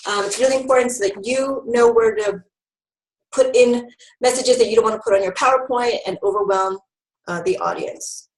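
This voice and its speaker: A woman's voice: a little high, moderate pace, echoey room, low-quality recording. A woman giving an online training talk to new health educators, upbeat and instructive, with frequent ums.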